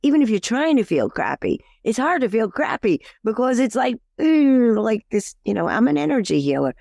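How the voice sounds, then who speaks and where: A woman's voice: fairly high pitch, fairly quick, creaky, dry recording, clean studio sound. A woman life coach, a podcast guest, talking in a chatty way with fillers and restarts, acting out the quotes in her stories. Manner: lively storyteller who acts out quotes. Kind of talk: casual interview talk.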